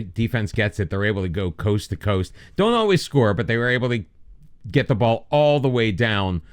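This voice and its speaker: Playing a football management game, this American YouTuber speaks in a fairly low, clear, resonant voice. His laid-back commentary blends play-by-play with self-mocking jokes.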